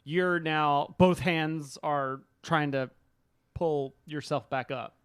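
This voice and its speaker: Casting: man, tabletop game master, clear smooth voice, dry close sound, patient with rules. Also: fairly high pitch, fairly even intonation, takes it slowly, fairly bright tone, no echo. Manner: laughing, explains rules patiently.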